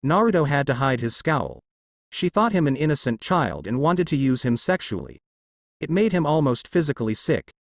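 A man narrating a fanfiction story with expressive storytelling. His pitch moves in animated swings. The sound is dry and close to the mic. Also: normal speed, no room sound.

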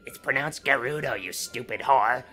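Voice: medium pitch, normal speed, sharp tone, soft background music. A game host putting on an exaggerated sing-song voice to read out game characters, with crude asides. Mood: mocking. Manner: exaggerated, swooping, profane asides. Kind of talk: let's play commentary.

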